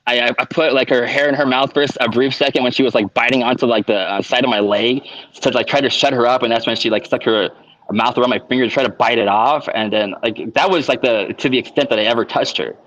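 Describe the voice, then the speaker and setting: A man in an unscripted personal monologue. He talks in a halting way, restarting his sentences and filling gaps with small words as he goes. His pitch sits in an ordinary middle range for a man. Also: steady tone, a bit bright, highs cut off. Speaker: vlogger.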